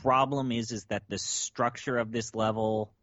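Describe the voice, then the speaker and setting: A man's voice: mid-range voice, flat delivery, moderate pace, fairly bright tone, no room sound, muffled recording. A man co-hosting a casual podcast chat, blunt and exasperated, swearing freely. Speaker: podcast co-host.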